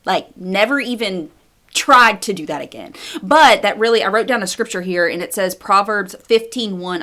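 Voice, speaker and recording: A woman's voice: mid-range voice, lively intonation, normal speed, bright, forceful tone. A young adult woman giving a personal testimony and encouragement in an earnest, conversational way, with fillers and repeated phrases. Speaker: speaker in a women's ministry video.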